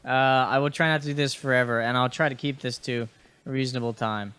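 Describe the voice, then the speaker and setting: A young man hosts a casual gaming podcast, talking fast in a steady, medium-pitched, fairly bright and smooth voice. Chatty and rambling as he plays, he uses fillers and restarts, swears casually, and addresses enemies on screen.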